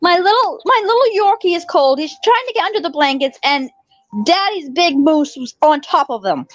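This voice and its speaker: A woman's voice: very high-pitched, expressive, moderate pace, dry recording, lo-fi sound, faint music behind. A woman calling into a live chat, chatty and laughing, fussing over her small dog. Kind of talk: casual chat.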